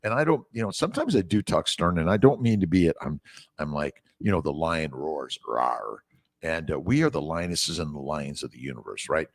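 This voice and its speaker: Deep-voiced older man, dry close sound. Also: expressive, brisk, no room sound. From United States. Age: 60s. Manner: rambling, encouraging, reads out names and comments. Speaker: doctor hosting a morning livestream. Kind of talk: casual livestream chat reading viewer comments. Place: away from his usual office. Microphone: phone mic.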